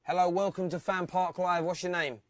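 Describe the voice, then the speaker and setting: A man's voice: high-pitched, steady tone, brisk. Teasing man hosting a phone-in. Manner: chatty, laughs often, teasing callers. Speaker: phone-in host. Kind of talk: live fan phone-in show.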